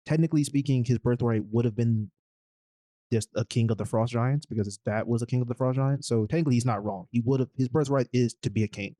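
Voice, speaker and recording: A man's voice: mid-range voice, fast talker, dark tone, no room sound. A man co-hosting a podcast, casually retelling a movie plot in a rambling, slangy way. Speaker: podcast co-host. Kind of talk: casual movie recap chat.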